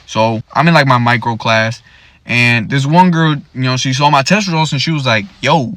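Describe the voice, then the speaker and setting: A man's voice: medium pitch, normal speed, a bit bright. A young man tells a personal story in an easy, casual way and laughs at his own naivety. The sound is dry and close, with no room echo. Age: young adult. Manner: candid, self-deprecating. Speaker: storyteller guest.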